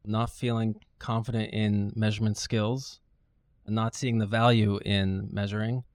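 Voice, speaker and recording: A man who is a manager, a guest on a podcast, explaining things in a measured, matter-of-fact way. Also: lowish voice, level tone, darkish tone, dry recording, studio quality. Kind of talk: podcast interview.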